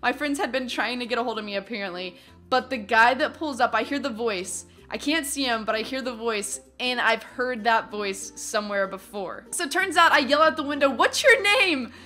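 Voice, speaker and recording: A young adult woman telling a story from her teens in a casual vlog, animated and acting out what other people said. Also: fairly high pitch, fairly quick, soft background music. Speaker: vlogger.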